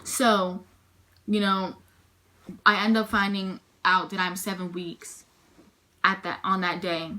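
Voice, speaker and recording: Bright-voiced young woman telling her story. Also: medium pitch, little pitch movement, takes it slowly, long pauses. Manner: emotional retelling, frequent "I'm like" quotes. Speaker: vlogger. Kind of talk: personal storytime vlog.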